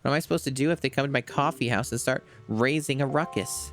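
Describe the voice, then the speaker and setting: A man's voice: mid-range voice, fast talker, fairly bright tone, faint music behind, voice pushed up, natural voice. A man voicing a fretful café owner from a video game in an anxious, whiny tone. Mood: worried.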